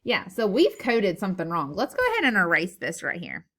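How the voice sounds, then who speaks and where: A woman's voice: fairly low pitch, sing-song, brisk, fairly bright tone. A woman teacher recording a phonics lesson for young children, playful and sing-song, repeating words for emphasis, on a camera mic.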